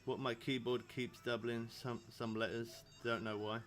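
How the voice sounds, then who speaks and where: Here's a thirty-something man from England casually chatting on a live stream as he plays a fishing game, rambling and laughing frequently. He keeps a moderate pace with a flat, mid-range, fairly bright voice, and soft music plays in the background.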